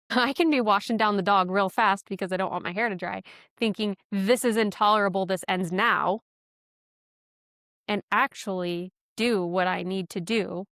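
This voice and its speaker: Chatty woman with a smooth, crisp voice. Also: medium pitch, fairly bright tone, no echo, studio quality. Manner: chatty, self-deprecating, laughs often. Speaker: podcast host. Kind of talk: casual personal storytelling.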